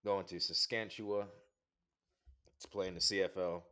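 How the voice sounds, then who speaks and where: A man's voice: deep voice, fairly even intonation, normal speed, a bit bright. A young man co-hosting a podcast in casual chat, laid-back and teasing. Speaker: podcast co-host.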